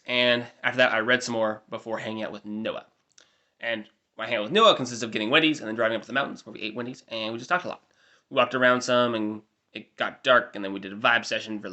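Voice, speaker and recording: A vlogger, an American man in his twenties, races through a casual diary-style update. His medium-pitched voice is bright and forward, and he drifts into chatty asides poking fun at himself.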